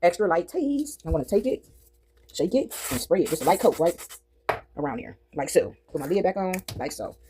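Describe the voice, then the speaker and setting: A woman's voice: lowish voice, very animated, a little fast, background noise. A woman in casual vlog chat while working dough, rambling and checking in with "right?" after nearly every phrase. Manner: rambling, repeats "right?" often. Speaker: vlogger. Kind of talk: casual talk while baking.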